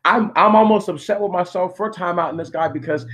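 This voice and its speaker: A man's voice: sits high, brisk, fairly bright tone. A man ranting angrily on a live stream, swearing, repeating himself and arguing with viewers in the chat. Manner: angry, profane, repetitive, arguing with viewers. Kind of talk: heated live-stream rant.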